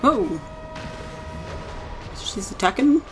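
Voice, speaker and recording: A woman hosting a let's play, excitable and swearing, often laughing as she plays. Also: a little high, extremely slow, over music. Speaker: gaming let's-play host. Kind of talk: casual game commentary.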